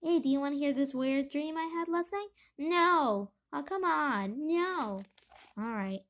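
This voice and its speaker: A woman's voice: sits high, measured pace, fairly bright tone. A woman voicing a friendly, clueless big male cat who rambles on. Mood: chatty. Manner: chatty, rambling.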